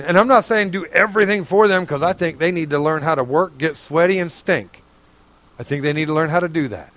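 A man's voice: a little high, brisk, a bit bright, no echo. A middle-aged man preaching a sermon, fervent and folksy, pleading with his listeners. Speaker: pastor.

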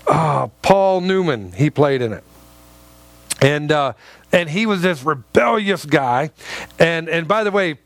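A man's voice: fairly high pitch, clear, resonant tone, no room sound. A man preaching a sermon, telling stories and often repeating words as he restarts. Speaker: pastor.

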